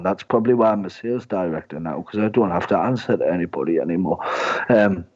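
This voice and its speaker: A man's voice: deep voice, quick pace, darkish tone, lo-fi sound. A man in his twenties with a Northeast English accent, a comedian guest chatting in a rambling, jokey, self-deprecating way. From Northeast England. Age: 20s. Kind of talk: casual interview chat.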